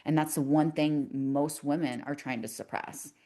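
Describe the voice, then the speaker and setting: A woman's voice: low voice, fairly even intonation, moderate pace, dark tone. A woman hosting a podcast conversation, speaking emphatically and passionately and affirming her guest.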